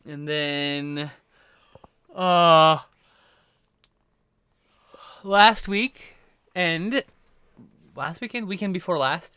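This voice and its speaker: A man's voice: on the high side, very slow, long pauses, sharp tone, clean tone, dry recording, studio quality. A man streaming live and chatting casually, rambling and now and then breaking into silly noises.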